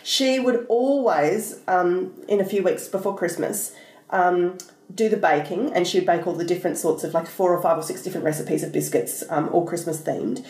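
A woman's voice: on the low side, normal speed, darkish tone. Chatty woman cohost, lots of "you know" and "like", room echo on the voice. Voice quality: chatty, storytelling, rambling with fillers. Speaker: podcast co-host. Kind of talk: casual chat. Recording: roomy echo.

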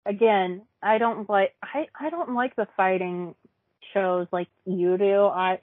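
A woman at middle pitch chats about a cartoon in a loose, rambling way, full of fillers. Her voice comes through dry and tinny, like a phone line. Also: slow pace, no room sound. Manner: chatty, rambling with many fillers like "like". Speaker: podcast co-host. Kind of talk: casual chat reviewing a cartoon episode.

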